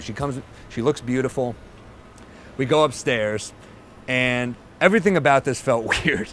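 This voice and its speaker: A man, a stand-up comedian telling a long, self-deprecating story in an animated way. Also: medium pitch, normal speed, slight background noise.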